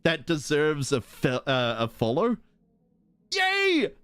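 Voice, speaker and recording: Playful, animated male streamer. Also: medium pitch, unhurried, dry recording. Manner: playful, giggly, goofs around with silly pronunciations. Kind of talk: casual livestream chat.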